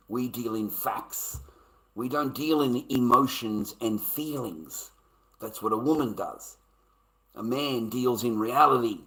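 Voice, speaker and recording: An Australian man on a livestream, talking in a blunt, profane, rambling way, lecturing and breaking into loud bursts. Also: mid-range voice, low-quality recording. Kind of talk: casual rambling livestream chat.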